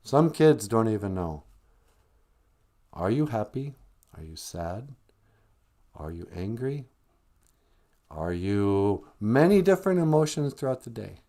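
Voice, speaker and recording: Man, lowish voice, live stream host, casual, wry, joking. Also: very animated, slow, pauses often, warm tone. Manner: wry, joking, conversational, slips into comic voices. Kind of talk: casual teaching monologue.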